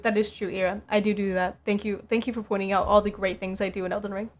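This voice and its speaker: A woman's voice: medium pitch, level tone, quick pace, few pauses. A young woman streaming, chatting casually with her viewers, laughing often and repeating herself.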